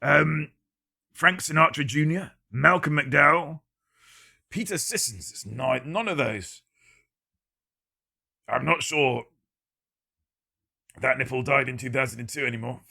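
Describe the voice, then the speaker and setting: Man, gravelly, bright tone, deadpan live-stream quiz host. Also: medium pitch, unhurried, pauses often. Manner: dry, deadpan joking. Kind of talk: casual live-stream chat, reading out viewer guesses.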